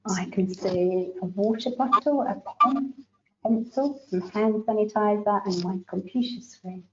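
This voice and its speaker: A woman with an Australian accent, interviewing and answering in a relaxed, plain way. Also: medium pitch, unhurried, lo-fi sound, slight background noise.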